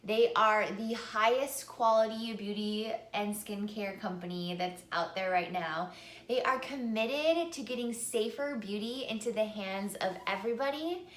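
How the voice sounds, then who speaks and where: A woman's voice: mid-range voice, measured pace, reverberant. A woman singing teacher giving an upbeat vocal lesson to camera, speaking and then singing short example phrases.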